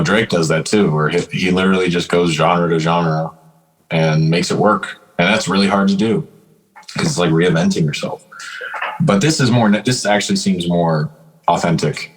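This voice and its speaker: Deep-voiced easygoing podcast man. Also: rough recording. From Canada. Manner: easygoing, hesitant, many fillers and restarts. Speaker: podcast co-host. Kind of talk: casual hip-hop podcast chat.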